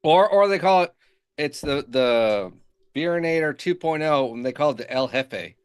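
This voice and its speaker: A man co-hosts a casual tech podcast with a smooth, resonant voice that rises and falls a lot. He laughs along and drops in short, joking suggestions. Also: fairly high pitch, lively intonation, normal speed. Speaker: podcast co-host.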